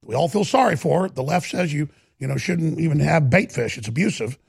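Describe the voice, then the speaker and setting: A man's voice: fairly high pitch, animated, a little fast, no room sound, studio quality. A man hosting a talk show, delivering an impassioned, emphatic monologue and often stammering and repeating words. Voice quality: gravelly, raspy.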